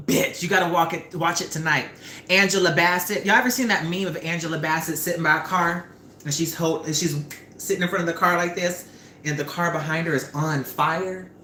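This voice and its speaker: Chatty young woman, live-stream host, cooking at home; low-pitched voice, lively and profane, echoey room. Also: a little fast. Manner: animated, chatty storyteller, swears freely. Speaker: livestream host. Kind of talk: casual live-stream chat while cooking. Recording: roomy with faint background noise.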